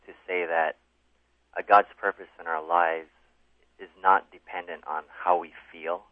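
Casting note: very deep-voiced man calling in over a tinny phone line, measured. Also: level tone, no echo.

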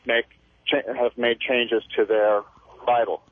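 Male caller on a tinny phone line, husky, earnest and hesitant. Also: medium pitch, level tone, slow pace, no echo. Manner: hesitant, restarts, explains earnestly. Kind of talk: phone-in discussion.

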